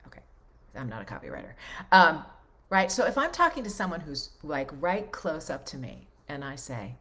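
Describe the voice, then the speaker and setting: A woman in her fifties coaching voice actors in a relaxed, conversational way, with a somewhat low voice. She stresses key points by repeating them and often checks in with "okay?" and "right?" as she talks. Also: normal speed. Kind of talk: casual coaching talk.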